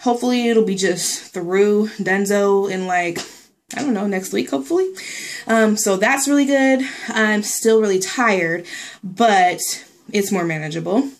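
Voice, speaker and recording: A woman's voice: mid-range voice, unhurried. Chatty young woman vlogging. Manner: chatty, rambling, lots of fillers and likes. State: a little out of breath. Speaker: pregnancy vlogger. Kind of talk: casual vlog update.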